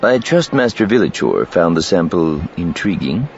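A man's voice: low voice, sing-song, moderate pace, a little mellow, a little hiss or hum. A man voicing an unruffled male smuggler who stays casual under pressure, in a dull lo-fi recording. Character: cool-headed male smuggler under threat.

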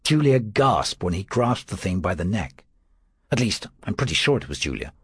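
A man narrating an audiobook in the first person, wry and expressive. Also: lowish voice, normal speed, husky, no echo, studio quality.

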